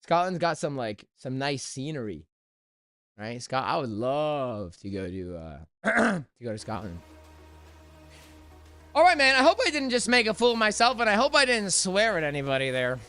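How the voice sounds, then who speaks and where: A man's voice: a little high, very animated, moderate pace, pushed and bright, faint music behind. A young man hosting a live trading stream, talking energetically and chatting with viewers.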